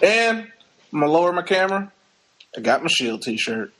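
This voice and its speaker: A laid-back man with a high-pitched voice who laughs easily. He co-hosts a casual podcast. His talk is loose and relaxed. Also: moderate pace, noisy background. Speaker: podcast co-host.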